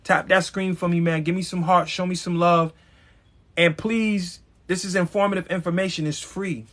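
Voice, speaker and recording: Male live-stream host with a high voice, emphatic motivational preacher, swears freely. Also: fairly even intonation, normal speed, fairly bright tone. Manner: emphatic, preachy, blunt with profanity; addresses viewers directly.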